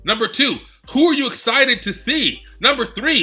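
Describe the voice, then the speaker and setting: A man's voice: very high-pitched, very animated, normal speed, few pauses, sharp tone, faint music behind. A man hosting a wrestling rant segment, sarcastic and frustrated, firing off rhetorical questions at the viewers. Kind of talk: heated rant to camera.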